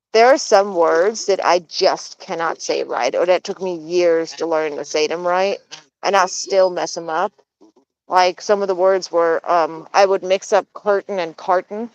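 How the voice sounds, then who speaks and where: A backyard poultry vlogger in her thirties, an American raised in Germany and bilingual in German and English, chats casually with viewers. Her fairly low voice moves slowly through a muffled recording, with frequent laughter, ums and restarts.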